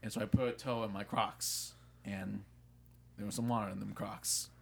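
Young man, casual podcast storyteller, animated, swears, acts out quotes. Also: on the low side, normal speed, creaky, a little hiss or hum. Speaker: podcast co-host.

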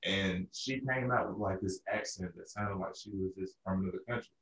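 Speaking briskly in a very deep voice, an Arkansas-born podcast co-host rambles through a lengthy story in laid-back conversation. Fillers and restarted sentences abound, and the roomy audio suggests he's a bit away from the mic.

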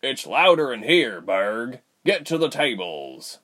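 A man voicing a stern middle-aged innkeeper who is a father, speaking slowly and firmly. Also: medium pitch, very animated, a bit bright, full character voice. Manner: slow, firm, scolding.

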